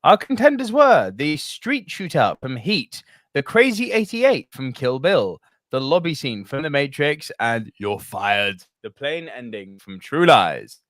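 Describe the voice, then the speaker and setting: A man's voice: medium pitch, sing-song, measured pace, fairly bright tone, dry recording, clean studio sound. A man co-hosting a casual movie podcast, jokey, laughing often and swearing freely. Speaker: podcast co-host. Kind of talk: casual chat.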